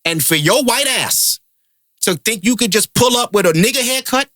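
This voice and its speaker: A man's voice: very high voice, lively intonation, normal speed, sharp tone, dry recording, studio quality. A man hosting a podcast, a comedian ranting in heated, profane casual chat.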